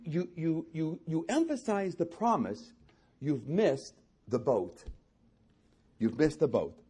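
Male pastor, husky voice, lively swooping pitch, impassioned sermon delivery. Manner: impassioned preaching with repeated phrases, swinging from loud to hushed.

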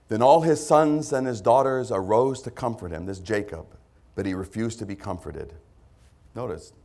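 A pastor with a lowish, gravelly voice preaches a conversational sermon to his congregation, now and then breaking into loud put-on voices.

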